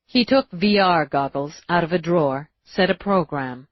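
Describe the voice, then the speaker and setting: A woman reading an audiobook in a steady, measured way, in a dull, dry recording. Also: fairly low pitch, dry recording. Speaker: audiobook narrator. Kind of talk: audiobook narration.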